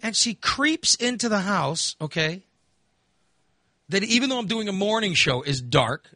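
A man's voice: high-pitched, animated, a little slow, sharp tone, no room sound, studio quality. A man hosting a podcast, telling stories in casual chat with laughs and voiced asides. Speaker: podcast host.

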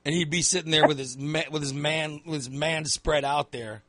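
A man's voice: on the high side, steady tone, moderate pace, a bit bright, dry recording. A man telling crude comedic stories in casual chat, acting out quoted lines in a raised voice.

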